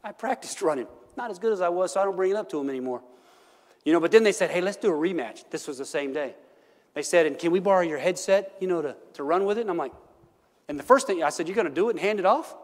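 A middle-aged man preaches in a church, his fairly high voice ringing with a long hall reverb. He tells homely stories and often stops to ask his listeners "right?", laughing along as he talks. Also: lively intonation, fast. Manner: folksy storytelling, laughs often, asks "right?". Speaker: pastor. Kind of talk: sermon. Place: church sanctuary.

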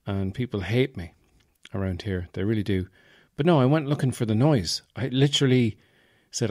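A man's voice: fairly low pitch, normal speed, darkish tone, no room sound, studio quality. An Irish man hosting a podcast, telling stories in a rambling, wry, self-mocking comic monologue. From Ireland, Offaly. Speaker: podcast host.

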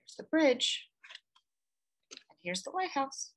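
A woman hosting storytime, reading a picture book aloud to children in an expressive, gentle way. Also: high-pitched, slow pace. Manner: gentle, expressive reading with lively voices for sounds.

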